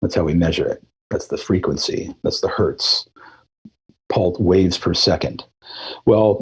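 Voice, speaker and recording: A middle-aged man with a low, husky voice talks through his story in a relaxed interview. He rambles easily, circling back with fillers and restarts. He sounds like a musician guest reflecting on his path. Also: poor audio. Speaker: guest musician, throat singer.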